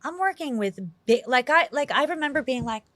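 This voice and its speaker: A woman from New York City, an actress being interviewed, telling animated stories in a chatty way with lots of acted-out quotes. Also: high-pitched, fairly quick, no room sound. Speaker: actress guest. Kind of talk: casual interview storytelling.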